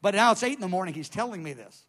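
A man telling a dramatic testimony as a preacher, animated, with his volume rising and dropping and many restarts. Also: high-pitched, racing.

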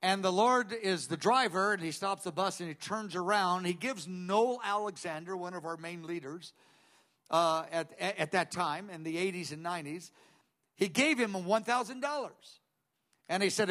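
A man's voice: high-pitched, moderate pace, fairly bright tone. An older man preaching a conversational teaching sermon, telling stories with many digressions and quoting others aloud.

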